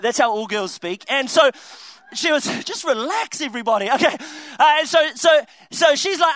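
High-voiced, bright, animated young preacher. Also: male voice, moderate pace, no room sound. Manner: animated storytelling with laughs and asides. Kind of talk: comedic youth sermon.

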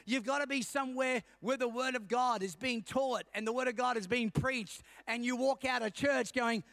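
Man, middle-aged, senior pastor, storytelling sermon, high pitch. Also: moderate pace, gravelly, fairly bright tone, no echo. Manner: storytelling preacher, asks the congregation for amens.

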